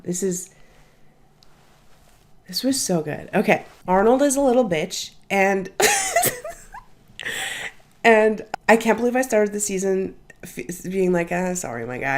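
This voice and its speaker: A woman's voice: medium pitch, a little mellow. A young woman hosting a reaction channel, gushing about a show in casual commentary, swearing freely and laughing often.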